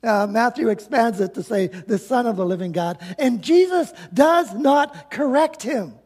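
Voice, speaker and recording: A male pastor preaching a sermon, emphatic, slowing down to stress key words, heard in a church sanctuary. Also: extremely high pitch, lively intonation, darkish tone, husky. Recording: long reverb of a large hall.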